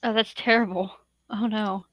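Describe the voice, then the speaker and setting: A woman playing in a tabletop game, talking in a halting, hesitant way. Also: medium pitch, steady tone, a bit bright, no room sound. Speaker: player. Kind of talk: casual tabletop play.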